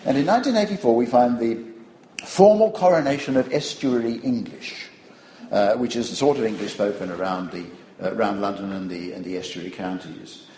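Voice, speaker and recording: A man's voice: on the low side, brisk, echoey room, slight background noise, low-quality recording. An older man giving a public lecture, wry and digressive, telling stories to an audience. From Australia. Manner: wry, digressive, animated storytelling.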